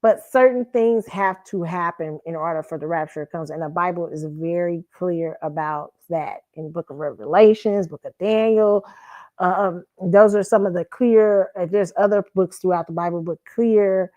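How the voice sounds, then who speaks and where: A woman's voice: lowish voice, moderate pace, dark tone, dry recording. A woman hosting a commentary stream, telling stories in a chatty, rambling way and often correcting herself mid-sentence. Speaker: host. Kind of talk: casual commentary and storytelling.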